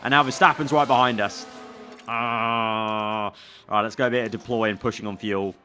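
A young man commentating live as he plays a racing management game, excitable and talking to himself. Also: lowish voice, normal speed, soft background music. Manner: excitable, talks to himself while managing the race. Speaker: gaming YouTuber.

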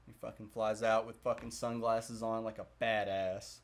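A man's voice: on the low side, flat delivery, moderate pace, hardly any pauses. A young man casually commenting while he plays a video game, swearing often and chatting with viewers. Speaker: gaming video host.

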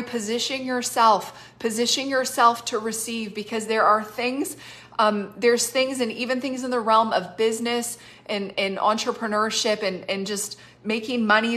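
A woman's voice: on the high side, a bit bright. A woman with a cough giving spontaneous prophetic words to people over a live stream, effusive and chatty, laughing often and saying "like" a lot. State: has a cough, on cough syrup. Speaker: prophetic minister.

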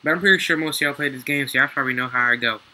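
A young man, excitedly commentating his gameplay, slangy and swearing freely. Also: medium pitch, rapid-fire, rough recording. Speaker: gaming YouTuber.

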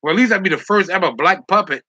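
Casual male streamer reading chat; teasing, laughs a lot; sharp tense tone on a dull lo-fi mic. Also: high voice, lively intonation, quick pace, no echo. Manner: teasing, joking, laughs often.

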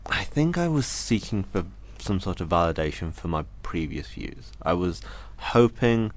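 A young man from Britain speaks in a very low register, earnest and reflective as he recounts his story to an interviewer. He stumbles and restarts often, pausing to quote the people he met. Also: big pitch swings. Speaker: interview guest.

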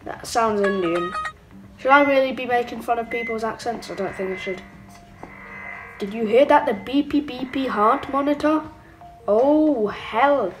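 A young woman giving excitable, playful let's-play commentary with mock-evil asides. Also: high voice, measured pace, faint music behind, rough recording. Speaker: gaming channel host. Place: home room.

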